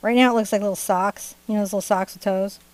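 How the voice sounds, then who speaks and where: A woman's voice: mid-range voice, fairly even intonation, fast talker, a little mellow, no room sound. A middle-aged woman teaching a live painting lesson, chatty and playful, joking and laughing between her steps. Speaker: art instructor. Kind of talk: live-streamed painting tutorial.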